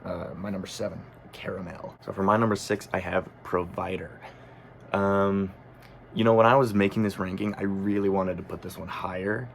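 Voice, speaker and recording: A man's voice: sits low, fairly even intonation, moderate pace, vocal fry, slight background noise. A man talking casually as a music critic, thinking aloud with frequent ums and self-corrections. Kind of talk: casual album review monologue.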